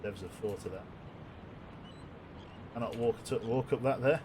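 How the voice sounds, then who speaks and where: A man's voice: medium pitch, moderate pace, long pauses, darkish tone, a little hiss or hum. A man giving casual, jokey commentary while streaming a game, chatting with viewers and swearing now and then.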